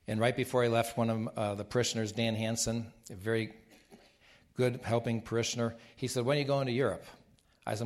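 A man who is a Catholic bishop, telling rambling travel stories in a casual talk with frequent restarts. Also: mid-range voice. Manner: rambling anecdotes with laughs and restarts.

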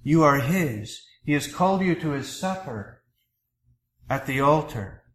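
Slow, earnest priest preaching in a church. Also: male voice, on the high side, animated, a bit bright, reverberant, low-quality recording. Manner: earnest, measured preaching with pauses. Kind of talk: sermon.

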